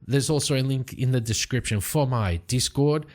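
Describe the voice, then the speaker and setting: A man casually narrating his solo tabletop roleplaying game from his home study, relaxed and rambling. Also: mid-range voice, moderate pace. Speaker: solo tabletop game player and channel host.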